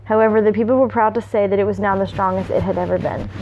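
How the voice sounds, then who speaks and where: A woman's voice: mid-range voice, steady tone, quick pace, mellow, slight background noise. A woman reading fan fiction aloud, with small slips and asides. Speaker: reader.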